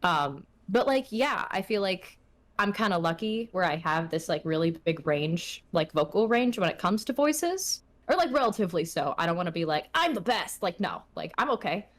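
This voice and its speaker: A woman's voice: lowish voice, expressive, normal speed. A young adult woman chatting casually as an interview guest, full of filler words and self-deprecating asides. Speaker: guest, streamer.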